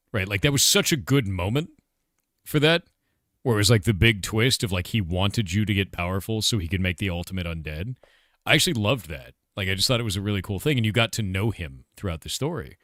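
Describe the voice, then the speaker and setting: A man's voice: fairly low pitch, lively intonation, quick pace, a bit bright, dry recording, clean studio sound. A man who is a game developer, chatting casually on a livestream Q&A, blunt and profane, with lots of filler words.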